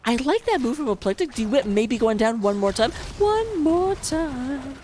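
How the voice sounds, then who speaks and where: A woman's voice: on the high side, expressive, quick pace, darkish tone, slight background noise. A woman casting a live online video game match, chatty and self-mocking, laughing easily between plays. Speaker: esports caster.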